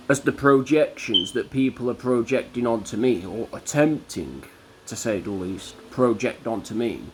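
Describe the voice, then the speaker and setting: Slow, combative man ranting defiantly. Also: medium pitch, slight background noise. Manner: slow, deliberate, combative, drawn-out emphasis. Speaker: vlogger. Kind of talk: defiant religious rant to camera.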